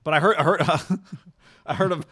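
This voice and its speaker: Male podcast host, casual sports banter, chatty and upbeat, halting restarts. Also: a little high, sharp tone. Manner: upbeat, chatty, repeats words when starting.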